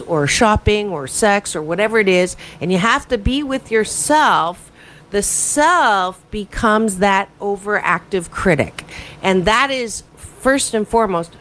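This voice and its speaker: A woman hosting a morning talk radio show as a happiness coach, talking in an animated, self-promoting, conversational way with frequent fillers. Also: medium pitch, a little hiss or hum, rough recording. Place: radio studio.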